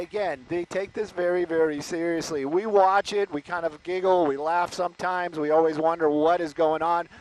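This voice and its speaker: High-voiced man giving chatty live commentary. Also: a little hiss or hum, low-quality recording. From Los Angeles area, US. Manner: chatty, exclaiming, lots of fillers. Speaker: news anchor.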